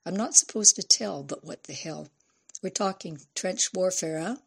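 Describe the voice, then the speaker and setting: A man's voice: high voice, normal speed, vocal fry, slightly rough, full character voice. A woman voicing a lanky, flamboyant male theater director with a slight Dutch accent, theatrical and wry, in a storybook reading. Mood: worried.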